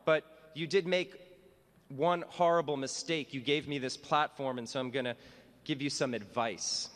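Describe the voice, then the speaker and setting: A man's voice: medium pitch, fairly even intonation, moderate pace, a bit bright, big-room sound. A man, a teacher, giving a humorous commencement address in a wry, self-mocking way. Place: school graduation hall.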